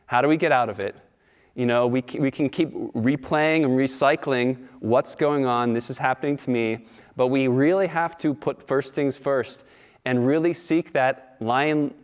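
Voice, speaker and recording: A man delivering a Sunday sermon with a mid-pitched voice. He tells stories in an easy, conversational way. He often turns to his listeners with questions. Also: clear, resonant tone. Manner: warm storytelling, asks the audience questions. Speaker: speaker at a Sunday service.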